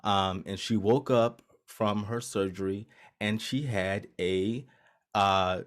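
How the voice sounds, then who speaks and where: A man's voice: fairly low pitch, steady tone, slow pace. A man co-hosting a podcast in casual chat, hesitant with many fillers and restarts, laughing often. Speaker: podcast co-host.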